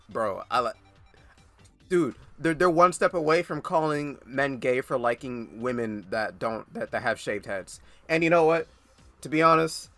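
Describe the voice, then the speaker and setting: A man's voice: medium pitch, fairly bright tone, no room sound. A man giving blunt, sarcastic reaction commentary, swearing often and stammering into rants. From United States.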